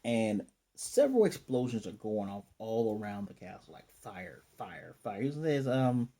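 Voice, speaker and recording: A man giving a casual, animated recap of an anime episode as a reviewer and acting out the characters' lines as he goes. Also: lowish voice, measured pace.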